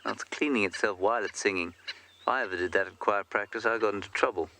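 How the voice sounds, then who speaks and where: A man's voice: fairly low pitch, quick pace, pushed and bright. A man guiding a live safari broadcast outdoors, chatting in a wry, joking way. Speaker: safari guide. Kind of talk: live game-drive commentary. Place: outdoors in the bush. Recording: noisy outdoor live feed.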